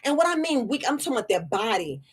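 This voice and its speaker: A woman hosts a casual livestream as an herbalist. She talks in an animated, chatty way, restarting her phrases and throwing asides to her viewers. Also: a little high, fast talker, breathy edge. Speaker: herbalist host. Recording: phone on a livestream.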